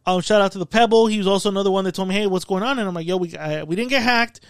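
A man's voice: high voice, racing, no echo, clean studio sound. A man hosting a podcast in casual chat, telling stories animatedly and swearing often. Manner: profane, animated storytelling. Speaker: podcast host. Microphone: studio mic.

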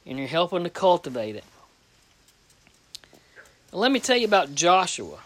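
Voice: medium pitch, sing-song, moderate pace, no echo. Folksy preacher in a dry room. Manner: folksy, plain-spoken, repeats phrases for emphasis. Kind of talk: conversational sermon with scripture reading.

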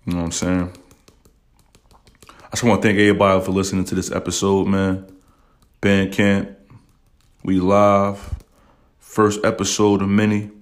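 Blunt, profane low-voiced man ranting. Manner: blunt, profane, emotional, heavy use of "you know what I'm saying". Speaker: podcast host. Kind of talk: casual podcast rant.

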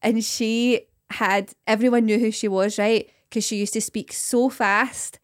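A woman's voice: fairly high pitch, steady tone, unhurried, clean tone, no echo, studio quality. A young Scottish woman co-hosting a podcast, telling stories in casual chat, laughing often and mimicking voices. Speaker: podcast co-host.

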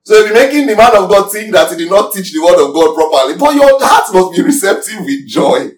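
Preaching a little fast in a high, expressive voice, a pastor drives his sermon home emphatically and quizzes his congregation as he teaches. He's recorded off mic from a distance in an echoey space.

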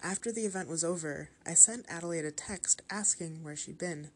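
A woman narrating a horror story aloud in a measured, even storytelling manner. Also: on the low side, a little hiss or hum.

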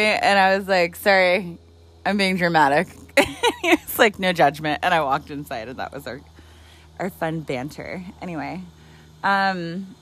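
Casual podcast co-host: woman in her thirties, low-ish voice, rambling and cursing. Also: fairly bright tone. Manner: rambling, giggly, swears freely. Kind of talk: casual chat.

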